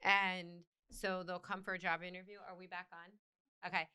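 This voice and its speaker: A woman's voice: on the low side, level tone, normal speed, bright, forceful tone, clear, resonant tone. A woman co-hosting a casual talk show, blunt and matter-of-fact, now and then swearing. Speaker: co-host. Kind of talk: casual chat.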